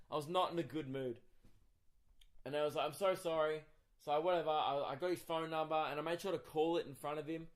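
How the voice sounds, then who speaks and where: Young Australian male comic, slightly high voice, sweary and exasperated, solo podcast storytelling. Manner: profane, exasperated, animated ranting. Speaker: comedian and podcast host. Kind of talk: casual comic storytelling monologue.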